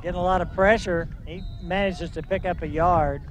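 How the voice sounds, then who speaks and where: A man's voice: sits high, fairly even intonation, normal speed, low-quality recording. A man doing play-by-play for a local football game outdoors, joking dryly with his co-hosts. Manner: jokey, dry banter between plays. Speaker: play-by-play announcer. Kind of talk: local sports commentary. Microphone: wind-blown broadcast mic. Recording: wind noise in outdoor mics.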